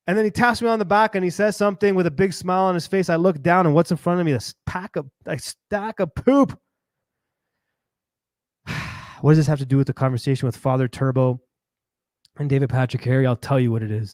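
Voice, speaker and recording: A man hosting a podcast, telling a rambling, lively story and acting out the voices of people he met. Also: on the high side, moderate pace, dry recording, clean studio sound. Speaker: podcast host. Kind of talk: animated storytelling monologue.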